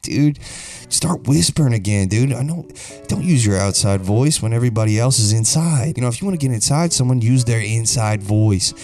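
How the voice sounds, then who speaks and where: A young man with a lowish voice delivers a rambling comedy rant, crude and ironically earnest, as if building an absurd argument. Faint music plays underneath. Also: darkish tone. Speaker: comedic video host.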